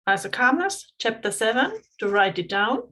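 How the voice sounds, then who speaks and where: A woman's voice: fairly high pitch, sing-song, moderate pace, bright, forceful tone, rough recording. A woman being coached, answering in brief, hesitant replies. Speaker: coaching client. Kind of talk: coaching session.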